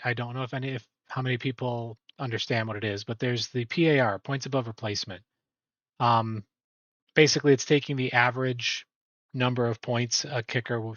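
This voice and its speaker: A man's voice: medium pitch, a bit bright, no room sound, dull audio. A man hosting an online sports league awards show in casual, rambling commentary that often corrects itself. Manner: rambling, self-correcting, chatty.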